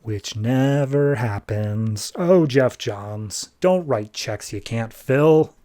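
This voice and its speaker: A man's voice: mid-range voice, animated, slow pace, warm tone. Guy rambling thru a comic recap, chatty, lots of uhs and likes. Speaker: podcast host. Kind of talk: casual comic-book recap.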